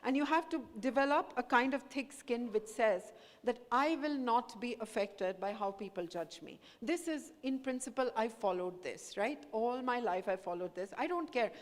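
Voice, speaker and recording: A woman's voice: a little high, expressive, normal speed. A woman from India, a professor giving an earnest, encouraging talk to students and moving between English and Hindi. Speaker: guest speaker, professor. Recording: echoey hall with long reverb.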